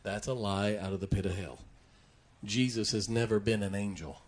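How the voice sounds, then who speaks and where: A man's voice: lowish voice, steady tone, moderate pace. A man preaching a sermon, retelling a Bible story in a folksy way and chuckling often as he goes.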